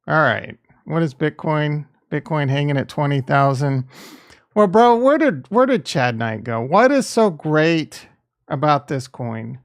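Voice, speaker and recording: Gravelly man bantering with his chat. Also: on the high side. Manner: defensive, joking, talks back to chat. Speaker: livestream host reading chat. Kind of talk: casual livestream chat.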